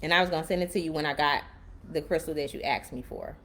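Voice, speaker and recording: Woman on a live stream, cussing, preaching to viewers, kinda low voice. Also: fast, a bit bright. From Chicago, USA. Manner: blunt, profane, preacherly. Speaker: livestream host. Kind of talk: casual livestream talk to viewers.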